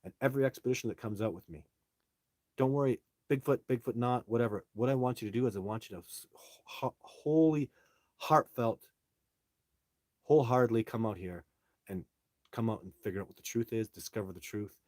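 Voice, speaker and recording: A man's voice: on the low side, a little fast, darkish tone, dry recording. A middle-aged man hosting a livestream, talking bluntly and rambling with many restarts. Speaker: livestream host. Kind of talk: casual livestream talk.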